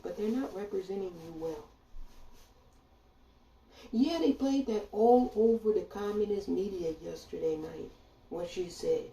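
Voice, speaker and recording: A woman rants about politics in a blunt, indignant monologue and talks right at her audience. Her voice is dark and gravelly with a mellow low end. She sits away from the mic in a roomy, echoing space. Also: recorded from a distance. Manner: blunt, indignant, profane, addresses listeners directly. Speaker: political commentator. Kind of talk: ranting monologue. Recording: echoey room, voice off-mic.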